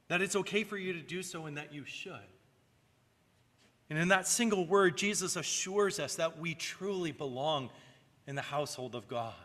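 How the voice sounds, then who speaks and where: A man's voice: fairly high pitch, animated, a little slow, bright, forceful tone, long reverb tail. A male pastor preaching a sermon in an earnest way, rising and falling for emphasis and sometimes repeating a word.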